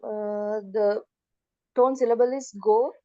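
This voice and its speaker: A woman's voice: on the high side, steady tone, slow pace, no echo. Hesitant woman student on a muffled call. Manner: hesitant, polite, many fillers. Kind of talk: reading answers in class.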